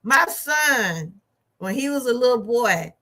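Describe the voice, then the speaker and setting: A middle-aged woman, reviewing a movie in a chatty, animated way. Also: fairly high pitch, slow pace. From Georgia, USA. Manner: animated, chatty storytelling with laughs and asides. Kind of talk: casual chat.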